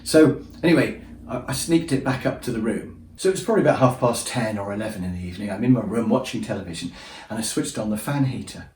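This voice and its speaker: A man's voice: lowish voice, fast, darkish tone, slight background noise. A man telling his travel stories in a chatty, self-deprecating way, acting out the funny moments. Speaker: storyteller. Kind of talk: casual anecdote telling. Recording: echoey room, voice from a distance.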